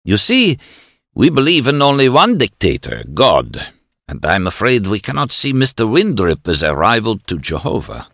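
A man voicing a calm, dignified elderly rabbi who speaks with courteous, soft irony. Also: fairly low pitch, moderate pace, creaky, dry recording, studio quality, pitched above the performer's own voice, full character voice. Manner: calm, courteous, softly ironic.

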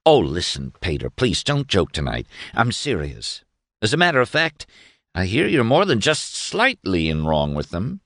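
A man's voice: fairly low pitch, wildly swooping pitch, moderate pace, a bit bright, dry recording, clean studio sound, full character voice. A man voicing a pompous, overly cordial young male lawyer with stiff, formal, senatorial speech in an audiobook reading.

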